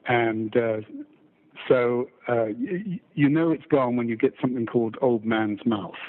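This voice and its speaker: An older man with a baritone voice and a mixed British-American accent, an audiobook narrator chatting in an interview, self-deprecating, with stammering restarts. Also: unhurried, narrow, tinny audio. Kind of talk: casual interview chat.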